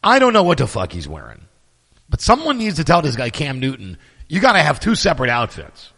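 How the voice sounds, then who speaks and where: A middle-aged man hosting his podcast, telling stories in a sarcastic, profane, animated casual monologue. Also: a little high, a little fast, vocal fry, long reverb tail. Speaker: podcast host.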